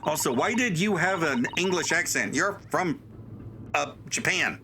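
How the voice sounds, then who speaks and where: A man's voice: fairly high pitch, expressive, measured pace, bright, forceful tone, slight background noise. A man performing an older purple monster puppet, giving wry, rambling commentary on a game. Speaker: let's play host. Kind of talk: gameplay commentary. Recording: gameplay commentary with game music behind. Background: game music.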